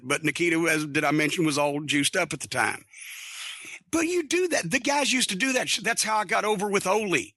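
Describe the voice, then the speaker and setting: A man's voice: sits high, very animated, brisk, pushed and bright, no room sound. A middle-aged man hosting a podcast, telling blunt, profane locker-room stories in a casual, wry way. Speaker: podcast host. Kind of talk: casual storytelling monologue.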